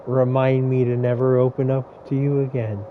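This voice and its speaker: A gaming streamer casually comments on a game he's playing in a let's-play style, rambling off into crude, joking stories. His medium-pitched voice barely moves in pitch and keeps a moderate pace, heard through phone-quality sound with slight background noise.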